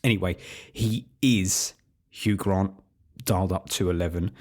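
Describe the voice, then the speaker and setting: A man's voice: deep voice, fairly even intonation, measured pace, a little mellow. A man hosting a film podcast, giving a wry, opinionated solo review with sarcastic asides. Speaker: podcast host reviewing films.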